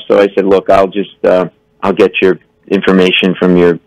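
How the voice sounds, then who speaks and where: A low, gravelly male voice at a moderate pace, recorded dry with dull audio. He's a comedian guest on a radio show, excitedly telling a story full of acted-out voices and stammers put on for effect.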